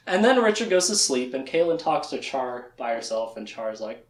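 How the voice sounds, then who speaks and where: A man presenting a casual lecture, retelling events and acting out the characters' lines in quick quips. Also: medium pitch, sing-song, fairly bright tone, reverberant. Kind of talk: casual lecture with slides and jokes.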